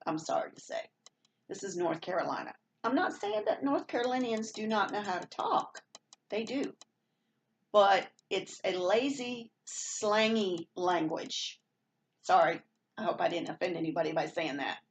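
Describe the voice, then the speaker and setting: A woman's voice: medium pitch, expressive, normal speed. A woman from Maine with a slight Southern twang, chatting casually as a vlogger and rambling with fillers and restarts. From born in Maine, raised partly in Rhode Island. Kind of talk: casual chat.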